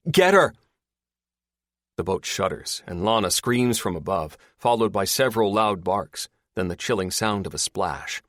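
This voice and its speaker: Low-voiced male audiobook narrator. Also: normal speed, hardly any pauses, a bit bright, no room sound, studio quality. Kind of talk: scripted narration.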